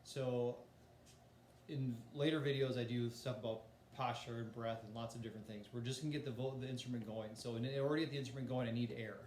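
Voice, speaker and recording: A man's voice: mid-range voice, fairly even intonation, fast talker, a little mellow, echoey room, a little hiss or hum. A man teaching a voice lesson in a casual, explanatory way, demonstrating breathing and singing exercises. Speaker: music teacher.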